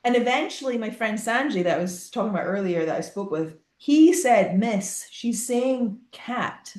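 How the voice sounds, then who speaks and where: A Scottish woman co-hosts a relaxed podcast chat and tells her stories with animated energy. Her voice sits in a middle register. The room rings with noticeable echo. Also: medium pitch, a little fast. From northeast Scotland. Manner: animated storytelling, acts out quoted voices. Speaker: podcast co-host. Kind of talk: casual chat.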